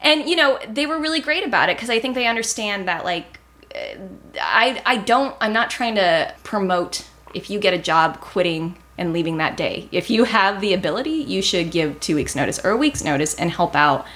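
A woman's voice: medium pitch, normal speed. A young woman, a TV writer, chatting in an interview and acting out the people in her stories. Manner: animated, acts out quotes in a raised voice. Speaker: TV writer guest. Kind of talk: casual interview storytelling.

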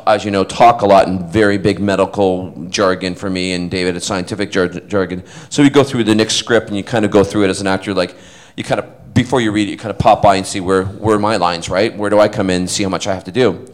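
A man's voice: on the low side, a little fast. A man, an actor, telling rambling anecdotes in a casual interview, full of fillers. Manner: rambling, chatty, many fillers.

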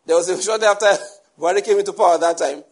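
A man preaching a sermon to a congregation, lively, acting out the people he quotes and laughing often. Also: high-pitched, fast talker. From Nigeria. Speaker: pastor.

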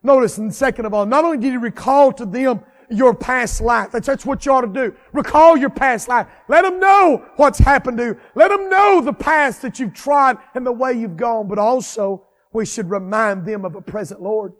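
A man preaching a sermon with fervent, repetitive cadences that swell into shouts. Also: very high-pitched, moderate pace, few pauses, big-room sound.

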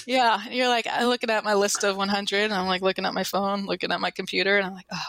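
Fast-talking animated woman guest. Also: medium pitch, gravelly, no room sound. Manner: animated, acts out quotes in raised voice. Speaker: financial advisor and interview guest. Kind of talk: casual storytelling interview.

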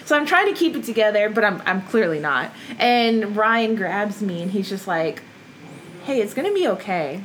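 A woman's voice: medium pitch, normal speed, few pauses, slight background noise, poor audio. Chatty woman telling wrestling stories. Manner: animated, laughs often, lots of "like". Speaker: professional wrestler guest. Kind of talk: casual storytelling interview.

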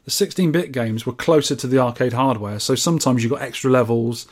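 A man's voice: medium pitch, a little fast. A man co-hosting a podcast, reading listener scores aloud and chatting casually. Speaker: podcast co-host. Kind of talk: casual chat.

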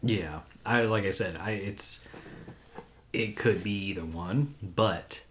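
A man co-hosting a casual podcast, talking in a laid-back way with halting restarts. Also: lowish voice, a bit bright, a little hiss or hum. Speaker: podcast co-host. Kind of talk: casual chat.

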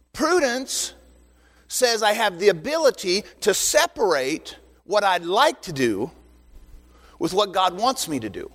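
Older male pastor, high-pitched, animated teaching sermon in a reverberant hall. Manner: animated, joking asides to the congregation. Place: church sanctuary. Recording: long reverb in a church hall.

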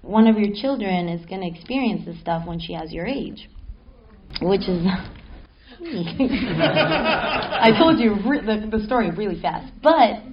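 Animated woman telling a spooky story. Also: mid-range voice, takes it slowly, pauses often, dull audio, crowd noise. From Mexico City. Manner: animated, laughing, swears casually. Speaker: panel guest. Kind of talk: live panel storytelling. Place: stage at a film festival panel.

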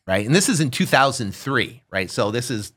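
A man telling an animated story in a casual interview, acting out quotes as he goes. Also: medium pitch, normal speed. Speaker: real estate investor guest.

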